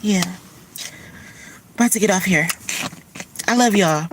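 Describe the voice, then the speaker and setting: A woman's voice: mid-range voice, measured pace, slight background noise, poor audio. A tearful woman, talking candidly and from the heart on her livestream, swearing casually. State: tearful from crying. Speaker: livestream host. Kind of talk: emotional personal livestream talk.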